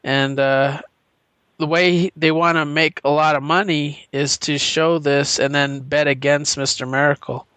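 A man's voice: fairly high pitch, flat delivery, a little slow, a bit bright, smooth, no echo. A man co-hosting a podcast, eagerly retelling scenes in casual chat. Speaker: podcast co-host.

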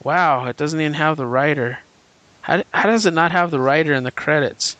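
Male podcast co-host, slightly high, smooth clear tone, chatty and eager. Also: normal speed, a bit bright, dull audio. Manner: rambling, enthusiastic retelling with frequent fillers and laughs. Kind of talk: casual comic book chat.

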